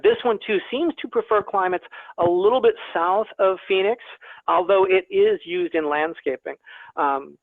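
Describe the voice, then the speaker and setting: A man's voice: sits high, dry recording. A man, a plant scientist, giving an online lecture to a naturalist club, chatty with self-deprecating humor and frequent repeated words, speaking over a video call. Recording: tinny, phone-like video call audio.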